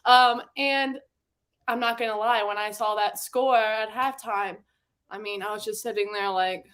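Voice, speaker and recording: A young woman in her twenties hosts a loose sports betting chat, candid and quick to swear. Her voice sits at an ordinary middle pitch, and she talks in a chatty, unfiltered way. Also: steady tone, fairly bright tone. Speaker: sports betting show host.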